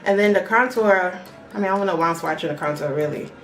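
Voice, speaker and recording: A young woman chatting casually as a beauty vlogger, excitable and talking straight to her viewers. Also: on the low side, quick pace. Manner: chatty and excitable, often addresses the viewers directly. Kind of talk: casual unboxing chat. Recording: echoey room with faint background music.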